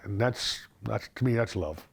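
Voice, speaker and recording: A man's voice: fairly low pitch, moderate pace, vocal fry, breathy edge. A man in a news feature interview, sincerely reading love notes he wrote for his wife. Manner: reads heartfelt love notes aloud, gentle and sincere. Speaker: interviewee, husband.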